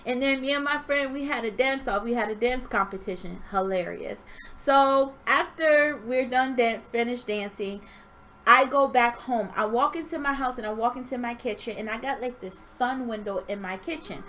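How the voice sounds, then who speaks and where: A young woman telling a story from her dream in an animated, expressive way, acting out sounds. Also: on the high side, moderate pace. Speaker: vlogger. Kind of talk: storytelling vlog.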